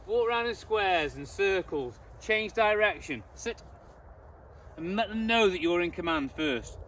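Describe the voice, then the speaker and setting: High-voiced man training a dog outdoors. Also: animated, measured pace, fairly bright tone. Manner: emphatic, repetitive instruction. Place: outdoors, open ground. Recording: distant voice with outdoor noise.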